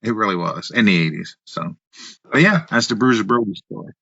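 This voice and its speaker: Guy in his 50s spinning wild stories, bright forceful voice, kinda dull dry recording. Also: lowish voice, a little fast, gravelly, no room sound. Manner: animated storyteller, acts out voices, laughs, swears. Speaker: podcast guest, wrestler and musician. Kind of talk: casual storytelling.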